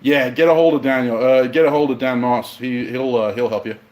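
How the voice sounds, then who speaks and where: A man's voice: medium pitch, fairly even intonation, a little fast, a little mellow, echoey room, rough recording. A man from Western Australia with a light Australian accent, chatting casually with viewers on a livestream from his workshop, rambling and a little sweary. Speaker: bladesmith livestreamer.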